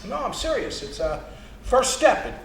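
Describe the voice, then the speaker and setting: A man's voice: very high voice, very animated, normal speed, gravelly, full character voice. An actor playing a worldly, fatherly middle-aged male Chicago gangster in a live stage play, lecturing and telling stories in a wry tone. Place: theater stage. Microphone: distant room mic. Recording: roomy stage, distant mic, faint hiss.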